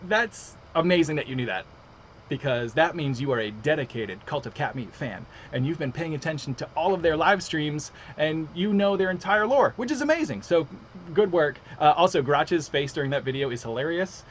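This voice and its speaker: A chatty, excitable man hosts a casual livestream, his voice sitting a bit high for a man. The sound is slightly muffled, with a faint hiss underneath. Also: moderate pace. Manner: chatty, excitable, reads out comments. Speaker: livestream host.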